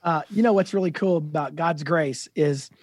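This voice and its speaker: Husky, high-voiced man telling stories. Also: moderate pace, dry recording. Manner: animated, self-deprecating storyteller. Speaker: guest author. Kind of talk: casual storytelling interview.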